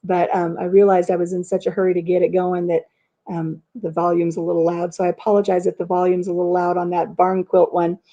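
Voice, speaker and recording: A chatty middle-aged woman talks straight into her webcam at home, hosting a relaxed live chat. She rambles from one story to the next and answers her viewers' comments as she goes. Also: on the low side, a little fast. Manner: chatty and rambling, reads viewer comments aloud, laughs at her own stories. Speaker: host of a live chat stream. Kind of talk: casual live-stream chat.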